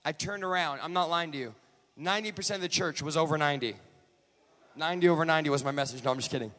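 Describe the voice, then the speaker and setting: A man preaching a sermon in a church, moving from joking asides to shouted, rhythmic calls to the congregation. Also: a little high, fast, big-room sound. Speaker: guest preacher. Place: large church.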